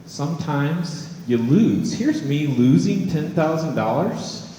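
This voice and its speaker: A man's voice: on the high side, animated, takes it slowly, mellow, slight background noise. A man, an artist and college professor, giving a wry, joking, conversational talk to an audience in a large hall. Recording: echoey hall with long reverb.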